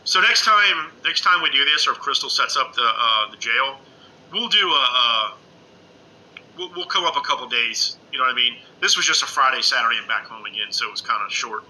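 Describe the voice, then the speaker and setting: A middle-aged man chatting casually on a live stream from home, rambling excitedly and calling everyone "man" with lots of uh's. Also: medium pitch, brisk, low-quality recording. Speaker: ghost-hunting live streamer. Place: indoors at home under a lamp.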